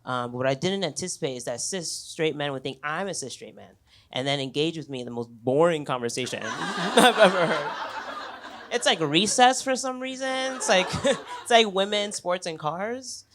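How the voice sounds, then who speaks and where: A man's voice: a little high, expressive, normal speed. Young man, stand-up comic, casual swearing storyteller with a chuckle, noisy club recording. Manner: conversational, chuckles between lines, swears freely. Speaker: stand-up comedian. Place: comedy club on stage. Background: audience laughter.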